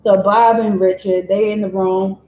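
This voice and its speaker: A woman's voice: mid-range voice, normal speed, muffled recording, slight background noise. Chatty woman in an echoey room. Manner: chatty, digressive, animated asides. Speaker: vlogger. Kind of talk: casual true-crime storytelling.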